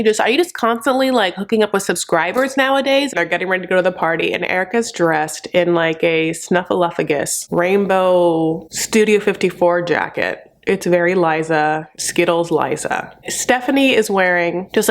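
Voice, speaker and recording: Woman, reality TV recap host, sassy, campy, gossipy chatter, slightly low pitch, mocking impressions. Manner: sassy, campy, gossipy, says "honey" and "like" a lot; jumps into high mocking impressions. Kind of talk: casual comedic recap.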